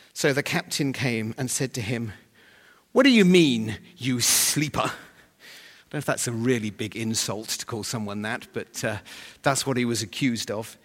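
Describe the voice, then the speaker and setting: Man preaching in a reverberant hall. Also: mid-range voice. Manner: humorous, animated storytelling with sudden loud emphasis. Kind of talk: sermon.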